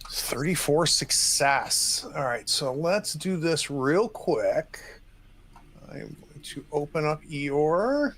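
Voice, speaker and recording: A man narrating as game master, relaxed and hesitant with many fillers. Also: on the high side, slow pace.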